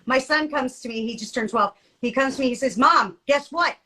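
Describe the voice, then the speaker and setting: A middle-aged woman co-hosts a podcast in easygoing chat. Her voice sits a touch high, and she talks in an animated, jokey way with frequent laughter. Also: quick pace, rough recording. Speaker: podcast co-host. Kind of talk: casual chat.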